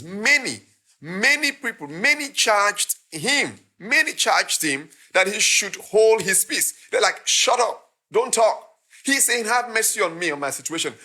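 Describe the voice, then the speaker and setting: Male preacher, impassioned sermon delivery, high and bright. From Nigeria. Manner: impassioned preaching, acting out quoted voices. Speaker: pastor.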